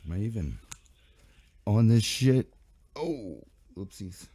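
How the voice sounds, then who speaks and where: Low dark-voiced sick guy hosting a live radio stream, rambly and swearing, dry sound. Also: expressive, slow pace, dry recording. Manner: loose, rambling, profane banter. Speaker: radio show host.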